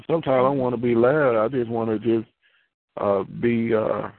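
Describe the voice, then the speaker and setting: A man preaches in a loose, repetitive, conversational way that climbs into fervent prayer. His voice sits at a middle pitch. It comes through a dry, tinny, phone-like radio line. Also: steady tone, moderate pace, dry recording. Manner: conversational, repeats phrases, rises into fervent prayer. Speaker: pastor.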